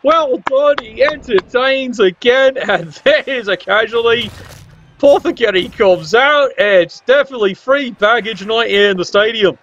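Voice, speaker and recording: A man's voice: extremely high pitch, a little slow, fairly bright tone, lo-fi sound. A man doing casual, wry play-by-play commentary on a game stream, teasing the players with exclamations.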